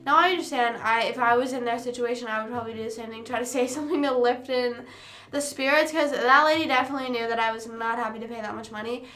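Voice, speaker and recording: A woman in her early twenties hosts a casual late-night livestream, rambling through stories packed with fillers. She speaks quickly in a somewhat high, slightly bright voice with fairly even intonation.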